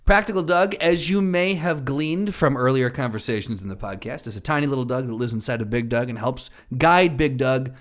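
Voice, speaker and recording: A man's voice: medium pitch, a little fast, few pauses. A man co-hosting a podcast, playful and sarcastic as he riffs with his co-host. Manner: playful, sarcastic, joins in on bits. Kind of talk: casual comedic chat.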